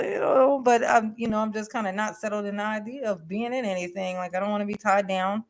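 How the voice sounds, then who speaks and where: Woman host, casual live stream rant, blunt and profane, halting with fillers. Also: medium pitch. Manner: blunt, profane, animated, lots of fillers and restarts. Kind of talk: casual livestream advice rant.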